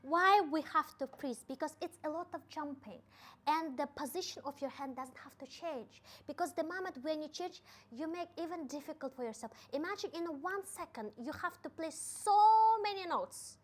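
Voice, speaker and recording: A woman's voice: sits high, moderate pace, a bit bright. A young woman with a Kazakh accent explaining piano octave technique, counting out the hand actions aloud as she demonstrates. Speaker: piano teacher.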